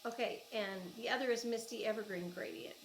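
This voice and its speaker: A woman's voice: fairly high pitch, steady tone, a little fast, a little hiss or hum, low-quality recording. A woman with an Oklahoma accent, chatting casually and gushing as she unboxes yarn at home for her crochet vlog. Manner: chatty, gushing, thinks aloud. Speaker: crochet vlogger.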